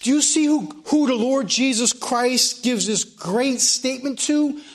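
A man preaching a fervent sermon, repeating phrases and swinging between loud and quiet passages. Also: very high voice.

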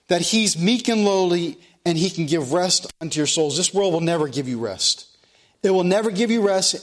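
A man preaching a sermon, quoting scripture in old-style wording and repeating key phrases. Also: sits high. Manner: repeats phrases, quotes King James scripture.

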